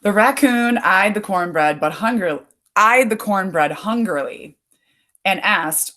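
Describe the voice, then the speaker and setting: Slow-reading woman telling a story. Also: medium pitch, lively intonation, bright, forceful tone. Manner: adds explanatory asides for listeners. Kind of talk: reading a picture book aloud.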